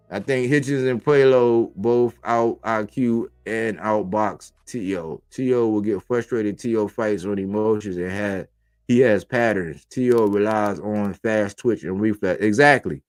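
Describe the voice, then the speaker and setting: A man's voice: fairly low pitch, unhurried, darkish tone, clear, resonant tone, faint music behind. A man hosting a boxing livestream, talking in a casual, profane way full of street slang. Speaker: boxing podcast host.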